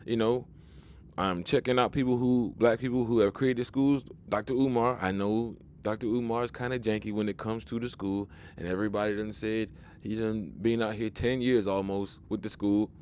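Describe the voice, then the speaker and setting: This man, a video commentator, has a lowish, slightly mellow voice with fairly even intonation and a moderate pace, over faint hiss or hum. He delivers an informal commentary that turns preachy and forceful, often stumbling back to restart phrases and repeat himself to press his argument.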